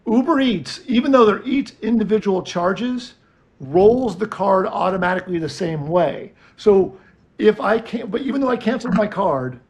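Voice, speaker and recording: Male co-host, high gravelly voice, animated storyteller. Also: moderate pace. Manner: animated, acts out both sides of phone calls. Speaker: podcast co-host. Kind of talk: casual storytelling chat.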